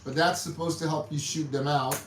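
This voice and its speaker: A man's voice: fairly high pitch, steady tone, a little fast, a little hiss or hum. A man hosting a casual livestream, rambling and repeating himself with hesitant restarts. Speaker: livestream host. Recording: echoey room, mic far off.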